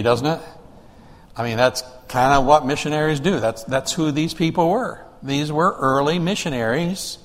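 In a large hall, a pastor speaks at medium pitch, preaching as if in conversation. Rhetorical questions to the congregation are frequent, and he often breaks off and begins his sentences again.

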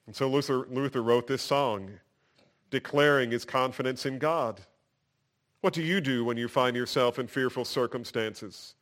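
A man's voice: medium pitch, moderate pace, a bit bright. Man, pastor, sermon, fervent scripture reading, casual asides. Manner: reads scripture aloud with rising fervor, then drops to a conversational aside.

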